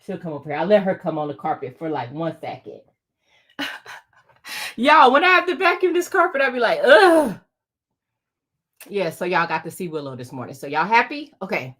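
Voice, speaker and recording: Lady hosting a craft livestream, chatty and bubbly, laughs a lot, pitch jumping all over. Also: huge pitch swings, brisk, a bit bright. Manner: bubbly, chatty, laughs often, talks straight to viewers. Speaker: crafting channel host. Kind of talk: casual livestream chat.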